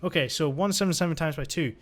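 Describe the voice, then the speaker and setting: Speaking fast in a slightly high voice, a man jokes and chats his way through a video game. He's a let's-play gamer offering casual commentary and thinking out loud as he goes.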